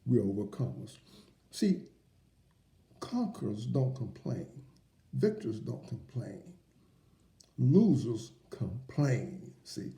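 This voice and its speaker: A man's voice: mid-range voice, sing-song, slow, gravelly, long pauses, dark tone, reverberant. A man hosting a motivational faith program, preaching emphatically in repeated phrases and rhetorical questions.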